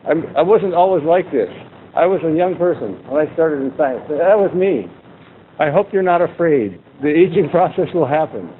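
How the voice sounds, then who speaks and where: A man's voice: expressive, normal speed. A man in his sixties giving a humorous, conversational university lecture with anecdotes. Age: 60s. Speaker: guest lecturer. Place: warm university lecture room. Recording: tinny phone-like sound, faint rumble.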